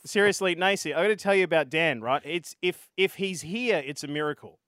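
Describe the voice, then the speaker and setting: An Australian man hosting a casual gaming podcast, out of breath and energetic. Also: on the high side, fairly quick, dry recording, clean studio sound. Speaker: podcast host.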